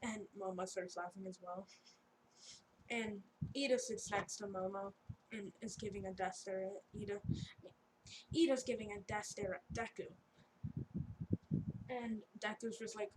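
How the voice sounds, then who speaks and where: A woman's voice: mid-range voice, normal speed. A woman casually telling a fan story in a rambling, off-the-cuff way with joking asides. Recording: steady background noise.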